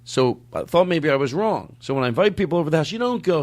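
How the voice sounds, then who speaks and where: A man hosting a podcast and telling stories in casual, joking chat, often acting out what people said. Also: quick pace. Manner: animated storyteller, jumps into silly high voices. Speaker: podcast host.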